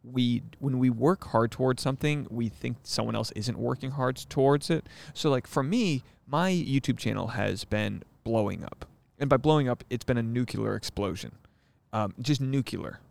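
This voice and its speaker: Gravelly-voiced man in his thirties, joking. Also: medium pitch, normal speed, a little mellow. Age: 30s. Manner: jokey, defensive, laughs often. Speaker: podcast co-host. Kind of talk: casual couple's podcast chat.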